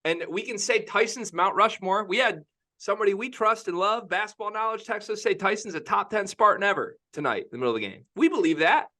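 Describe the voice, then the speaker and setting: Bright, emphatic sports podcast host. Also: male voice, high-pitched, expressive, brisk. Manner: opinionated, emphatic, repeats himself. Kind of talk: casual sports podcast chat.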